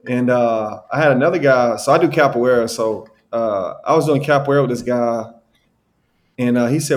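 A man's voice: mid-range voice, normal speed. A man from Alabama, telling casual stories as a podcast guest. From Alabama, USA. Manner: animated storyteller, acts out quoted people, says bro and like. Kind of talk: casual storytelling.

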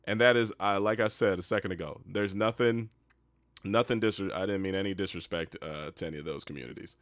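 A young man co-hosting a casual podcast, animated and laughing, often stopping to say "hold on". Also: low-pitched, a little fast, dry recording. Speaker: podcast co-host. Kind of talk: casual chat.

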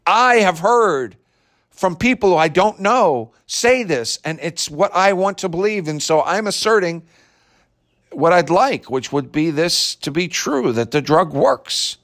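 Man doing a smug male commenter, raised pitch, mocking, overblown, slowed emphasis. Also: animated, a bit bright, full character voice. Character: smug self-assured male online commenter.

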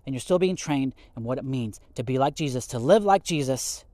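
A man giving a casual podcast sermon on scripture, animated and laughing often as he acts out quotes. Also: mid-range voice, a little fast, no room sound. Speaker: podcast Bible teacher.

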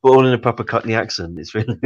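A man's voice: medium pitch, fast, lo-fi sound. A man in a casual gaming chat, hesitant and full of fillers as he tells jokey stories. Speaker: podcast co-host.

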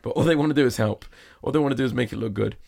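A man's voice: mid-range voice, racing, creaky, a little mellow. A man guest telling a rambling anecdote in casual conversation, full of fillers and quoted exchanges. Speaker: guest, magician performer. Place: sauna.

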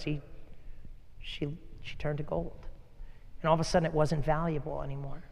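A man's voice: high voice, long reverb tail. A man preaching a sermon, earnest and storytelling, repeating words as he builds a point. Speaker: pastor.

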